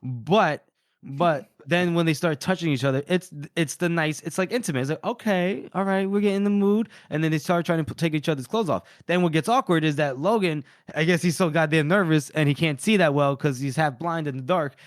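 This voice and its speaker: A man's voice: fairly high pitch, a little fast, dry recording, clean studio sound. A man co-hosting a casual book podcast, retelling scenes with lots of laughter and acted quotes. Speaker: podcast co-host.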